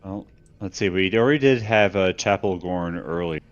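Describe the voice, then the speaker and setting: A man's voice: deep voice, moderate pace, muffled recording, soft background music. A man co-hosting a casual livestream show, with dry jokes. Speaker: podcast co-host.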